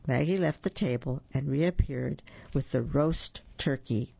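A storyteller reading a children's story aloud, pausing for asides to young listeners. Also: medium pitch, creaky, warm tone, husky, no room sound, muffled recording.

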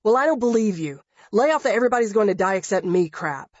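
A man voicing a sharp-tongued, exasperated young woman in an audiobook. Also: high voice, fairly quick, no echo, muffled recording, voice pushed up. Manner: blunt, sarcastic.

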